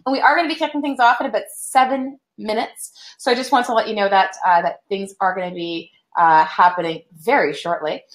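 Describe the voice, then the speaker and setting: A woman's voice: mid-range voice, fairly quick, hardly any pauses. A young woman hosting a live online webinar, greeting viewers in an upbeat, chatty way with many fillers. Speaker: webinar host. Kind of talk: casual live-stream chat. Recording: echoey room.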